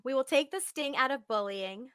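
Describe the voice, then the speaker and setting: Bubbly high-voiced woman host. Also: normal speed, fairly bright tone, smooth, no echo. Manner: bubbly, gushing, laughs often. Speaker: podcast host and acting coach. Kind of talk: upbeat live video interview. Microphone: video call.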